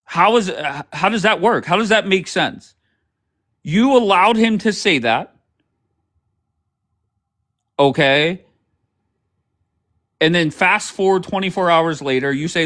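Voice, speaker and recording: A man's voice: sits high, takes it slowly, long pauses, fairly bright tone. A man hosting a livestream, ranting sarcastically over clips with plenty of swearing. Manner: sarcastic, profane, heated. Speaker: livestream host.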